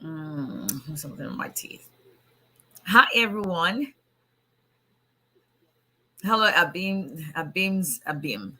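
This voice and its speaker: Woman lawyer host, voice worn hoarse, lower pitch but bright and forceful, chatty and welcoming. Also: expressive, takes it slowly, long pauses. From immigrant to the US. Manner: chatty, greets viewers by name. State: hoarse, voice nearly gone. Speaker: immigration attorney. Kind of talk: casual livestream chat.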